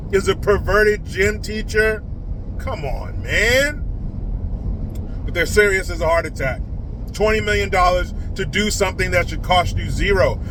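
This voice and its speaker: A man's voice: high voice, noisy background. A man giving a scornful, mocking political rant while sitting in a car. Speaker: political commentator. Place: inside a car.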